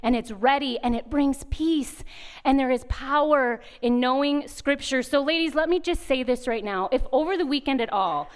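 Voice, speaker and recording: A woman speaker at a women's retreat, telling a lively personal story in a sermon and acting out sounds and voices. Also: sits high, normal speed, clean tone. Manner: animated, acts out sounds and voices. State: pregnant at the time, not now.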